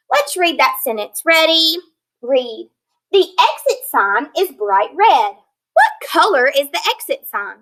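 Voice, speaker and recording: A woman teacher leading a phonics lesson, sounding out words slowly and clearly, patient and encouraging. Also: high-pitched, bright, forceful tone, rough recording. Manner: slow, clear modeling of words.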